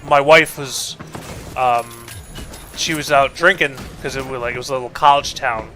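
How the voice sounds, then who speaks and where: A man's voice: mid-range voice, fairly even intonation, moderate pace, pushed and bright, faint music behind. A man streaming a game and telling a story in a rambling, casual way. He swears freely, leans on "like," and acts out both sides of every exchange he describes. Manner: rambling, profane, leans heavily on 'like'. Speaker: streamer and host. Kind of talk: casual storytelling while gaming.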